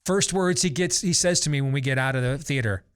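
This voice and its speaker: A man's voice: a little high, fairly quick, clear, resonant tone. A man in his forties hosting a talk show, ranting sarcastically and theatrically in opinionated commentary. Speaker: host.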